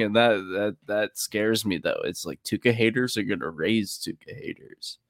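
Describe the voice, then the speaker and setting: A man's voice: medium pitch, expressive, normal speed, few pauses, a bit bright. A young man on a sports podcast, telling stories in loose casual chat, swearing and laughing as he goes. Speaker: podcast co-host.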